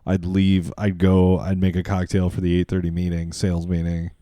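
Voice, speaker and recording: Deep-voiced young man telling rambling stories. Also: monotone, moderate pace, mellow, no room sound. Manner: rambling storytelling, swearing, acting out quotes in silly voices. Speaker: podcast co-host. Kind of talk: casual late-night chat.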